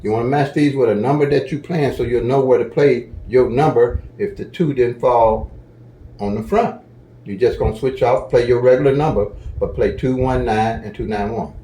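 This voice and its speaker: Folksy aave-speaking guy walking you through lottery picks, mellow low tone, kinda echoey room, keeps saying okay?. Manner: folksy, chatty, repeats "okay?" to check in. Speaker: lottery strategy teacher. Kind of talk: casual tutorial walkthrough.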